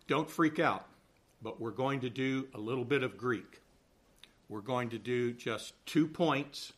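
A man's voice: medium pitch, fairly bright tone. A man with a Southern American accent teaching a church Sunday school class, explaining things in a chatty, reassuring way and often checking in with "okay?". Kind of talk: Bible class lecture.

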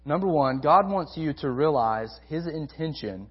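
A man preaching a sermon to a college ministry, emphatic, repeating key phrases and swinging between loud stresses and soft asides. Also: fairly high pitch, lively intonation, moderate pace, slightly rough, muffled recording.

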